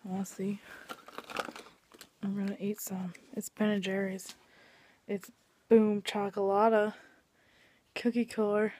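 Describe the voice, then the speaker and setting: A woman's voice: mid-range voice, level tone, slow pace, long pauses, darkish tone. A young woman vlogging at home late at night, venting her frustration, swearing and often dropping into a whisper. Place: at home indoors.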